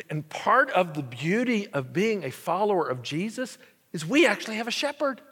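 A pastor in his forties giving a sermon, telling a story with animated delivery and acted-out dialogue in a slightly husky voice. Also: high voice, a little slow. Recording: echoey church hall.

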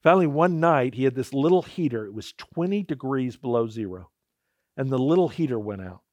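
A man's voice: medium pitch, lively intonation, a little fast, dry recording. Male pastor, mid-range voice, dramatic sermon storyteller, dry close sound. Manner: swings from hushed to loud, dramatic storytelling.

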